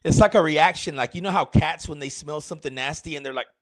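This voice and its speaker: A man's voice: fairly high pitch, fast talker, no room sound. A man, a streamer and rapper, chatting casually in a rambling, crude, joking way. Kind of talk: casual livestream chat.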